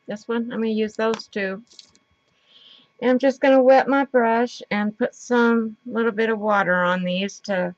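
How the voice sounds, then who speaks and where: A woman's voice: on the high side, steady tone, unhurried, no room sound. A woman vlogging a casual craft tutorial from her home craft table, chatting in a rambling way with lots of fillers, recorded on the camera mic. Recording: dull lo-fi sound.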